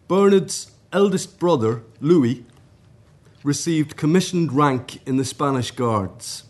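Male academic, mid pitch, measured scripted conference talk. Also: darkish tone. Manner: measured, formal reading pace. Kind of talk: scripted academic paper reading. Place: conference room.

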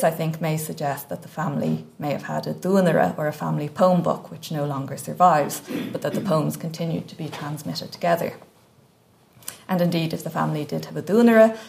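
A woman reading a scholarly paper at an academic conference, with a measured, careful delivery and frequent hesitations. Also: low voice, gravelly, a little mellow. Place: conference lecture room.

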